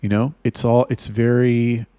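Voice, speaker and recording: A man's voice: mid-range voice, flat delivery, a little slow, warm tone, smooth, dry recording. A man talking casually and bluntly to camera about running his business, swearing freely and restarting his sentences often. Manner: blunt and profane, with frequent restarts. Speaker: webcam studio owner.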